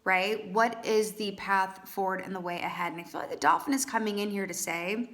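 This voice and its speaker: A woman's voice: medium pitch, steady tone, fairly quick, fairly bright tone. Chatty, playful woman reading tarot. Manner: chatty, playful, with frequent "right?" asides. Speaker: tarot reader. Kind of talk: casual tarot reading monologue.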